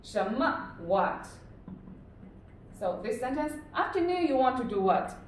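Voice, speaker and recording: Woman, language tutor, slow careful delivery, fairly high voice, recorded from a distance in an echoey classroom with faint background noise. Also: sing-song. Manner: patient, repeats words slowly and checks with "right?". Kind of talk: classroom lesson. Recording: roomy echo from far off with faint noise.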